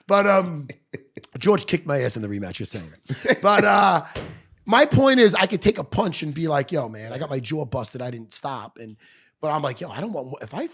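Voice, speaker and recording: A man's voice: medium pitch, expressive, fairly quick, slightly rough. A middle-aged man, telling a blunt, profane story as a guest in a podcast studio. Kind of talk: storytelling in conversation.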